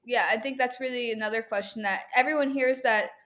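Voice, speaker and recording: A woman's voice: on the high side, fairly even intonation, fairly quick, a bit bright. A woman hosting a podcast interview, asking loosely phrased questions in a casual way. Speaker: podcast host.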